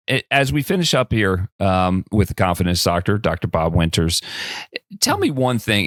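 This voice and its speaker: A male interview host with a lowish voice, recorded dry and close. He asks easygoing questions that wander a little before they land. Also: dry recording. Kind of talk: casual interview.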